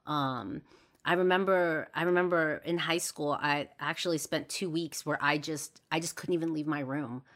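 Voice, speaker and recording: Low-voiced woman musing candidly. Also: fairly even intonation, normal speed, fairly bright tone. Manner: reflective, earnest, many fillers and restarts. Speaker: podcast host. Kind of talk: candid personal monologue.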